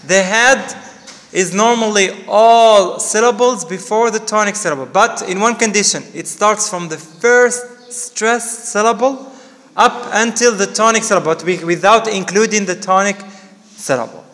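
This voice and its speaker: A man teaching a class, explaining slowly and quizzing students with questions. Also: high-pitched, fairly bright tone, big-room sound. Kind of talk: classroom lecture.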